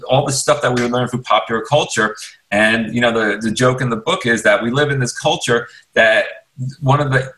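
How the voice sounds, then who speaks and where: A man's voice: mid-range voice, bright, forceful tone, low-quality recording. A man, an author, talking as a radio interview guest in a reflective, rambling way with many restarts. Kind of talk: casual interview talk. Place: radio studio.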